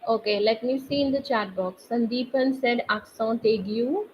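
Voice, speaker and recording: A woman teaching a live online French class, explaining accents slowly and quizzing her students through the chat. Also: fairly high pitch. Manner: slow, patient, quizzes students via chat. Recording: slightly dull online class audio with faint noise.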